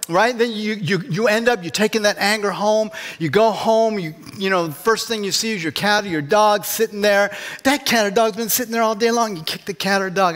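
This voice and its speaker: A man with a high voice preaches a sermon in a church. His delivery is conversational, and he keeps turning to the congregation with questions. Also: fast talker, a bit bright. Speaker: pastor.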